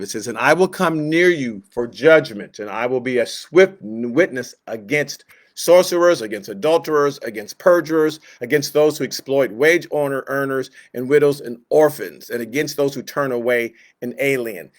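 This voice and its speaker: A man teaching a Bible class in a casual, conversational way, with joking asides and quoted voices acted out. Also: mid-range voice. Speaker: Sunday school teacher.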